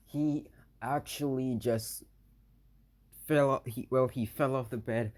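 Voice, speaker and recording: Slow, halting young-sounding man telling a story. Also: medium pitch, fairly even intonation. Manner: halting, full of "you know" fillers; slow, hesitant delivery. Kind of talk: improvised fan story narration.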